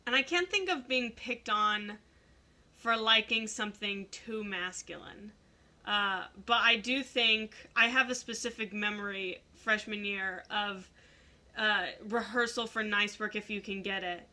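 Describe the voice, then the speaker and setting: Young woman, very bright voice, casual podcast chat, lively anecdotes. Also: medium pitch, a little slow. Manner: animated storyteller, mimics voices in anecdotes. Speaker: podcast host.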